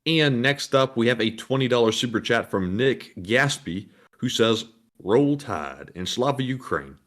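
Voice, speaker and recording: A man co-hosts a casual livestream and reads out viewer donations. His delivery is steady, like an announcer moving down a list. He adds a few plain remarks of his own between messages. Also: mid-range voice, a little slow. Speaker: livestream co-host reading super chats.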